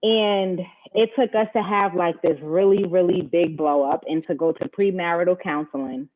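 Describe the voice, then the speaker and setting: A woman's voice: lowish voice, steady tone, moderate pace. A woman speaking earnestly and reflectively about her own experiences in a candid discussion. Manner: earnest, reflective, openly personal. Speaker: panel guest. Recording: tinny phone-like audio.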